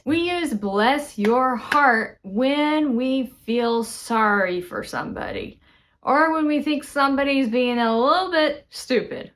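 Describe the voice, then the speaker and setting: A woman's voice: high-pitched, slow pace. Texan woman teaching spoken English. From Texas. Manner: expressive, chatty, playful. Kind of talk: casual spoken English lesson.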